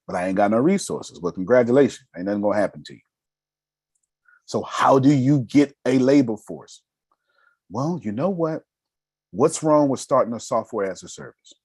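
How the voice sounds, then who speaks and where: A raspy-voiced man giving a motivational business lesson, emphatic and casual, firing off rhetorical questions. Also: medium pitch, expressive, normal speed, long pauses, a little mellow, no echo. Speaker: business mentor. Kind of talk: motivational teaching.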